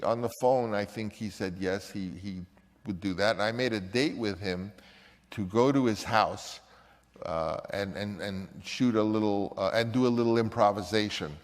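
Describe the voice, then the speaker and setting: A man's voice: fairly low pitch, long reverb tail. A man and film director telling a rambling anecdote, often stopping and restarting his sentences. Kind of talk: anecdotal storytelling.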